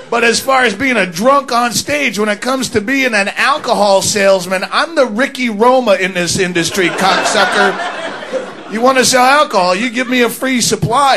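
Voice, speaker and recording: A man doing a crude, swearing stand-up set with a drunken barroom swagger. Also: very high-pitched. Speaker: stand-up comedian. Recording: live club, loud crowd laughter.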